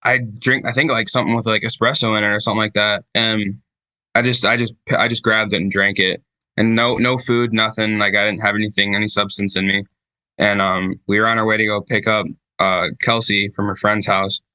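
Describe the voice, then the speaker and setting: Guest spot: man from Michigan, casual rambling talker, swears a lot, bright forceful tone, slightly low voice, dry close sound. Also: little pitch movement, a little fast, no room sound. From Michigan, United States. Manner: rambling storyteller, heavy swearing, many fillers. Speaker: podcast guest, band vocalist. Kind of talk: casual chat.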